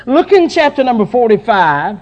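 A middle-aged man preaching a sermon with passion, dropping at times to soft, tender passages. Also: very high-pitched, big pitch swings, moderate pace, lo-fi sound.

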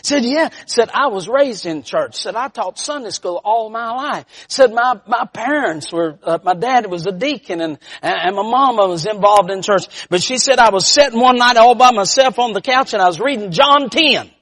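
A preacher with a notably high-pitched voice delivers a sermon. He tells homespun stories, rising to shouted peaks and then dropping to hushed, low lines. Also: animated, normal speed, hardly any pauses. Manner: folksy storytelling.

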